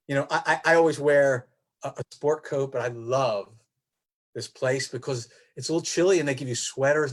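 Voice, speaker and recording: A man playing a soothing children's TV host in an improv scene over a video call, talking slowly and tenderly. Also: medium pitch, close to an everyday voice.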